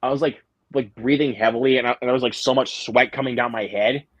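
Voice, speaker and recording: A man's voice: medium pitch, fairly even intonation, fast talker, husky, no echo, rough recording. A young man hosting a casual live-stream chat, rambling through stories with lots of fillers and restarts. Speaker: host.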